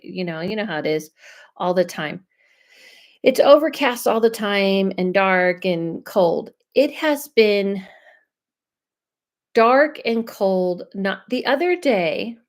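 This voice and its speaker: A woman from Los Angeles, a medium and host of her own live stream, chatting loudly and casually with viewers and reading out their comments. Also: mid-range voice. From Los Angeles, USA. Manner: loud, chatty, trails off and restarts, laughs often.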